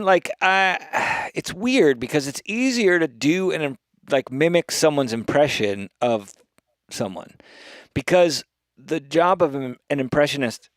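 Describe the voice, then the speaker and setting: A man's voice: mid-range voice, no room sound. A man co-hosting a podcast, chatting casually in a rambling, jokey way. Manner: rambling, jokey, breaks into quick impressions. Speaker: podcast co-host. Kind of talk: casual chat. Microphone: headphones and desk mic.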